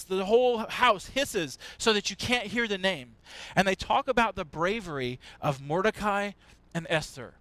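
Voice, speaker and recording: Pastor guy doing the kids' talk, high voice, animated, asks the kids questions, dry sound. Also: dry recording, rough recording. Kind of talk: children's sermon. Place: church.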